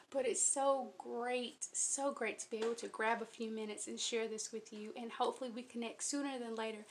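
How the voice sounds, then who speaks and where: A woman's voice: on the high side, fairly even intonation, normal speed, slight background noise. A young adult woman vlogging about crochet in an earnest, rambling way, running her words together and giggling. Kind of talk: casual chat to viewers.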